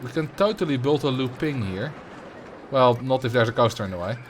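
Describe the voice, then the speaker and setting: Brisk and expressive, a mid-range male voice with a Dutch accent comes from a streamer from the Netherlands building in a game live. He's chatty and answers viewers' questions as he plays, with a slight hiss or hum on the recording.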